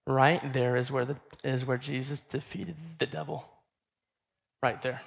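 A man's voice: mid-range voice, steady tone, unhurried, gravelly, slightly rough. A man preaching a sermon in a casual, emphatic way, often restarting his sentences.

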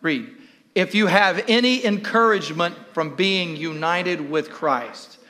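A man preaching in church with a high, bright voice. He is animated and keeps repeating questions to the congregation. The delivery is a full live sermon. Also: measured pace. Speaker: pastor.

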